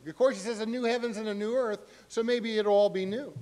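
A middle-aged male pastor preaching a sermon in an animated way, acting out voices with sharp rises in pitch. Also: a little fast.

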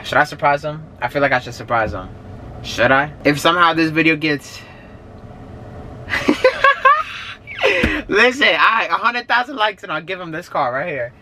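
A young man talking in a casual vlog, slangy and rambling, often getting animated. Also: on the high side, fairly quick, a little hiss or hum. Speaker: YouTuber. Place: car at a drive-thru, then indoors at home.

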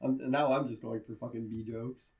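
A man's voice: mid-range voice, fairly even intonation, brisk, narrow, tinny audio, a little hiss or hum. A man co-hosting a podcast, chatting casually and crudely about a horror movie, laughing often. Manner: crude, laughs often, does goofy voices. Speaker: podcast co-host. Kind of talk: casual movie-review banter.

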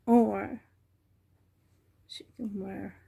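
A woman at home on the floor, showing a doll she is selling, talking softly with many ums and a little out of breath. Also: mid-range voice, fairly even intonation, extremely slow, vocal fry, breathy edge. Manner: soft, cooing over the doll, with many ums. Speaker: reborn doll seller. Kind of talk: casual show-and-tell vlog.

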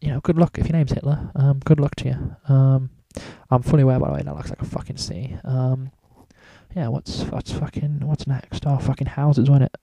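A man's voice: medium pitch, flat delivery, moderate pace, creaky, dark tone, no room sound. A man talking casually through a drawing tutorial, rambling and swearing in almost every sentence. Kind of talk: casual screen-recorded tutorial.

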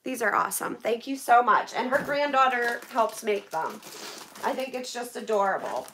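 A middle-aged woman from the United States, opening donated packages on a live stream and chatting excitedly with viewers. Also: fairly high pitch, moderate pace, a little hiss or hum.

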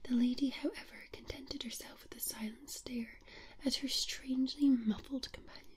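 A woman with a Scottish accent reading a story aloud in a slow, soft ASMR whisper. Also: high-pitched, steady tone.

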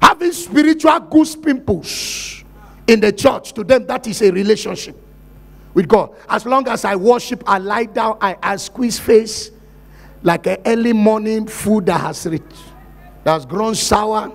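A man with a Nigerian accent preaching a sermon, often breaking into loud shouts as he acts out Bible scenes. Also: high-pitched, unhurried, gravelly. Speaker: pastor.

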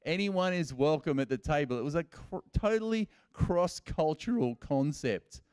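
A male pastor preaches in a relaxed, chatty way at a church service and slips into the voices of the people in his stories. His voice sits a little high and sounds smooth and clear. It is close to the mic, with almost no room echo. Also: moderate pace. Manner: casual and storytelling, acting out quoted lines in everyday speech. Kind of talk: conversational sermon.

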